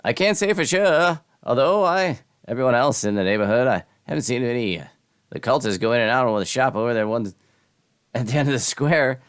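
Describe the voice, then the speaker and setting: A man's voice: medium pitch, a little fast, smooth, no room sound, studio quality, voice pushed up, lightly acted. A man voicing a chatty, cheerful male wanderer in a video game town, with a sing-song, theatrical delivery. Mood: cheery.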